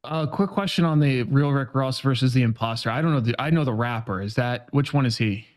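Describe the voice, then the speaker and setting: A man's voice: medium pitch, a little fast. A man speaking as the guest expert on a casual podcast, laid-back and joking, swearing now and then. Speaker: options trading guest expert.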